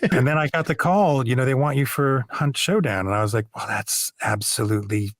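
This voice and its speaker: A middle-aged man, a voice actor, telling animated, self-deprecating stories in a casual interview. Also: medium pitch, brisk, dry recording, studio quality. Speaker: voice actor guest.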